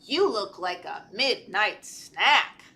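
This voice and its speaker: A woman voicing a big, hungry male dragon in a lowered, snarling voice for a picture-book reading. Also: lively intonation, slow, pushed and bright. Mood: menacing.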